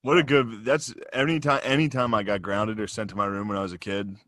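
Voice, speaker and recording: A man co-hosting a podcast who teases his friends and cracks quick jokes. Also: lowish voice, fairly even intonation, a bit bright, dry recording, clean studio sound. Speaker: podcast co-host. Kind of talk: casual chat.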